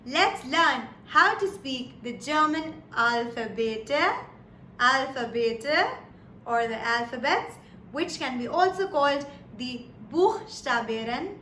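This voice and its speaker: With a high, animated, pushed and bright voice, a woman from India teaches German at a slow pace. She says every word twice and keeps checking in with "Yes?" and "All right?", while the echoey room carries faint background noise.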